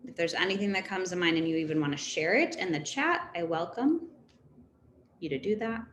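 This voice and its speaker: A woman in her thirties, a therapist, giving an informal talk to parents in a conversational, animated way. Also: fairly low pitch, fairly quick. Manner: conversational and animated, laughs between points. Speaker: therapist speaking to a parent council. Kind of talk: informal presentation. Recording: echoey room with faint background noise.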